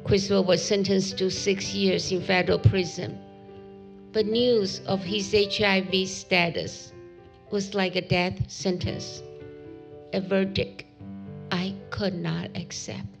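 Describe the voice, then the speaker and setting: A mother reading her testimony in a gentle, sorrowful storytelling voice. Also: mid-range voice, steady tone, slow pace, vocal fry, soft background music. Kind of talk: read testimony narration.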